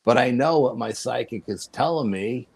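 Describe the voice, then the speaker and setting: A man as a podcast guest, telling a personal story in a casual, animated way. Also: medium pitch, normal speed, vocal fry, husky. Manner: animated, profanity, laughs while telling.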